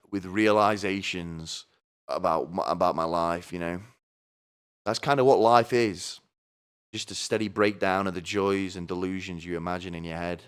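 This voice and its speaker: Podcast guy ranting, swears loads, low-ish smooth voice. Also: steady tone, normal speed, a bit bright. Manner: crude, sardonic, swears a lot; asks the listener "right?" again and again. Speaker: podcast host. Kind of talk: comedic rant.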